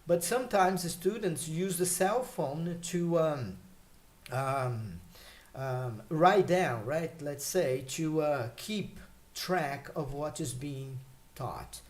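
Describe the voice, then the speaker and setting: A man teaching English vocabulary in a relaxed, explanatory way, pausing with fillers and checking in with "okay?" and "right?". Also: on the high side. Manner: explains slowly with many fillers and check questions. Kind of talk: casual spoken lesson.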